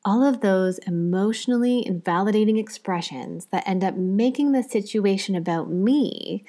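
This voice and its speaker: A woman's voice: medium pitch, normal speed, warm tone. A woman in her thirties, a psychologist hosting a podcast, talking candidly in a confiding, reflective way. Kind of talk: personal reflective podcast talk.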